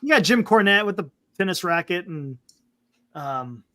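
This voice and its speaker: High, lively man chatting eagerly. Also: normal speed. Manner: eager fan listing favorites. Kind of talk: casual sports-show chat.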